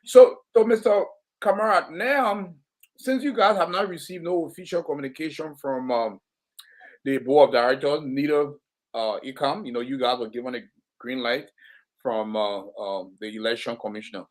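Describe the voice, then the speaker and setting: Man, talk show host, frequent fillers, stop-start questions. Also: medium pitch. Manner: halting, many fillers and restarts.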